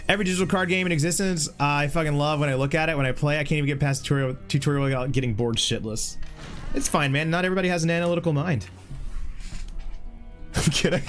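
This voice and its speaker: A woman's voice: sits low, brisk, soft background music. A woman live-streaming a video game, chatting casually with viewers, swearing and laughing often. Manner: excitable, laughs often, swears, reads chat aloud.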